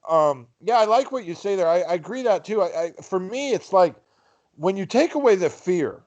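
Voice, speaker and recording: A man with a fairly high voice in casual late-night chat, tripping over and repeating his words before he finds his point. His call comes through dull and lo-fi. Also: a little mellow. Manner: halting, repeats words often. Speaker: podcast co-host. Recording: dull lo-fi sound.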